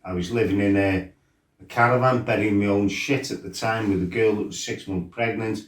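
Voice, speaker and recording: A middle-aged man tells his life story as a former fighter, bluntly and with lots of swearing, acting out his own shouts. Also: lowish voice, steady tone, brisk. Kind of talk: casual storytelling interview. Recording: roomy, mic set some distance off.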